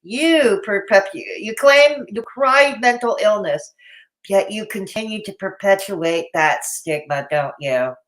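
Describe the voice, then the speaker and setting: A woman's voice: mid-range voice, unhurried. A woman hosting a live commentary stream, blunt and mocking in tone, with a Canadian accent. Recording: roomy echo.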